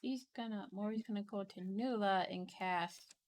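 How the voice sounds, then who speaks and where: A woman taking part as a player, playful and relaxed. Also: medium pitch, normal speed. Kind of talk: casual tabletop play.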